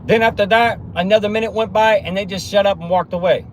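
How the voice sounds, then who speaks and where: Animated man giving street-side life advice. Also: sits high, fast, slight background noise. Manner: animated storytelling, acts out others. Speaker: motivational speaker. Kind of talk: motivational monologue.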